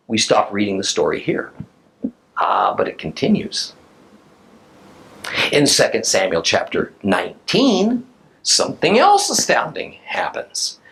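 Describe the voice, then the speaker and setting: A man's voice: medium pitch, a bit bright, slight background noise, rough recording. A man teaching a recorded Bible class who reads scripture aloud and explains it emphatically to his listeners.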